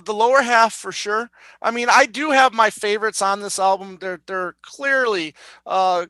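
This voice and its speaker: A man co-hosting a podcast, chatting in a relaxed, agreeable way. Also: high-pitched, smooth, dry recording, poor audio. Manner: relaxed, agreeable, lots of fillers and backchannels. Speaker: podcast co-host. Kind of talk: casual chat.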